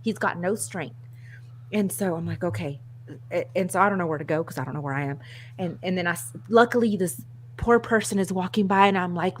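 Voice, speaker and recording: A woman co-hosting a casual chat show, telling a story in an animated, self-mocking way and laughing often. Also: fairly low pitch, brisk, a little hiss or hum. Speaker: co-host.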